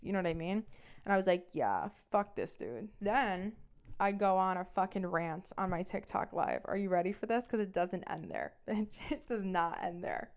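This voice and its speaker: Young woman podcaster ranting about her ex, swears a lot, smooth clear voice, mid pitch. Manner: profane, emphatic, venting. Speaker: podcast host. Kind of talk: casual storytelling.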